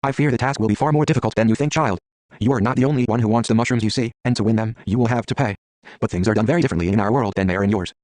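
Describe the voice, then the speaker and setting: A man's voice: on the low side, racing, a little mellow, no echo, natural voice. Proud stern dryad Willow, read by a man. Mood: haughty. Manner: haughty, scolding. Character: proud stern female tree spirit.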